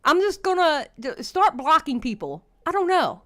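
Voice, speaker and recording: A woman's voice: high-pitched, big pitch swings, normal speed, fairly bright tone. A woman hosting a commentary livestream, reacting to a video and ranting in exasperation at absent people. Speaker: commentary channel host.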